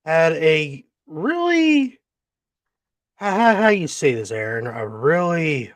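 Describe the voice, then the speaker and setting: A man's voice: fairly high pitch, sing-song, slow, no echo. A man hosting a wrestling podcast in casual chat, rambling and swearing freely, sometimes talking while eating. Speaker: podcast host.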